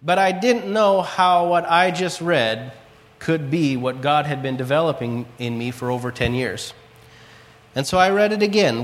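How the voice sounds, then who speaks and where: A man's voice: medium pitch, long reverb tail. A man preaching a sermon, earnestly telling a story and quoting scripture. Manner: earnest storytelling, quotes scripture and his own prayers.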